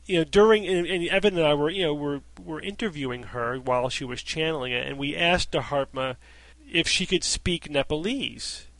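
A man's voice: a little high, moderate pace, vocal fry, fairly bright tone, no room sound. A male podcast host in casual panel chat, wry and skeptical, laughing often.

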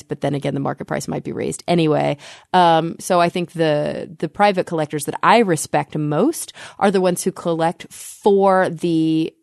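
Low gravelly American woman, enthusiastic. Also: no room sound, clean studio sound. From United States. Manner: animated and enthusiastic, explaining science. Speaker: podcast host. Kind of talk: casual science chat.

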